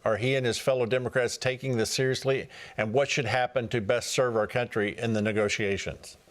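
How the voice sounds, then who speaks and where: A man's voice: mid-range voice, steady tone, fairly quick. A man hosting a news segment, asking a guest questions in a conversational way with some restarts. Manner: conversational, self-correcting questions. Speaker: news host. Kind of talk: interview questions.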